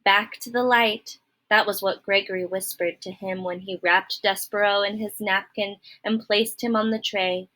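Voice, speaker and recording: A woman reading a children's novel aloud, expressive and friendly, speaking directly to her listeners. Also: medium pitch, normal speed. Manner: expressive, friendly, addresses the reader. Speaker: storybook reader.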